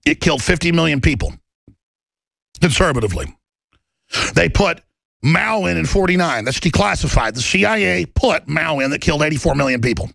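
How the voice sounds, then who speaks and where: A man hosting a talk show, delivering an impassioned, urgent monologue that bursts into shouting. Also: on the high side, expressive, fairly quick, creaky, no echo.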